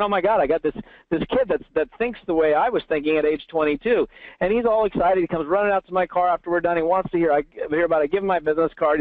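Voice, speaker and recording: A man telling stories in an animated way during an interview, acting out the voices of people he quotes. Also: fairly high pitch, no echo. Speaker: network marketing trainer, guest. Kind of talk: storytelling interview answer. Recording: tinny phone line.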